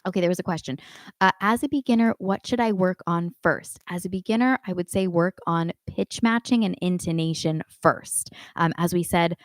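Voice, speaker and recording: A woman teaching a live online singing class, giving calm instructions and demonstrating warmup sounds herself. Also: lowish voice, moderate pace, dry recording. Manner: coaching, demonstrates vocal exercises between instructions. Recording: dry close sound with faint piano.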